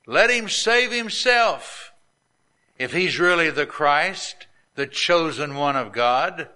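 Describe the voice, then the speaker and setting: A man's voice: on the high side, lively intonation, slow, bright, forceful tone, clean tone, voice pushed up, exaggerated voice. A man voicing a group of scornful male rulers who taunt in a raised, mocking voice.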